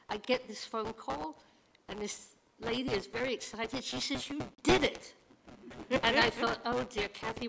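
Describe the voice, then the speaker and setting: A woman's voice: a little high, vocal fry. A woman recovering from a lost voice tells stories with quoted dialogue as she speaks informally to her temple congregation on a livestream. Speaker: congregant sharing a milestone. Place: temple sanctuary. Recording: noisy livestream recording.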